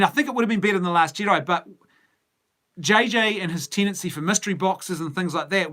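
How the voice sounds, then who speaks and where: Pitched on the high side with a sharp edge, this middle-aged man's voice carries a New Zealand accent. He's hosting a relaxed movie news stream, thinking out loud as he replies to comments from viewers.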